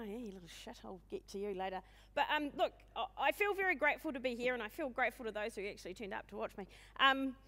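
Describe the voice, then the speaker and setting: A woman in her forties with a New Zealand accent, giving a humorous, self-deprecating keynote talk in a loud, booming voice and speaking fast. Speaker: conference speaker. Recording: long hall reverb.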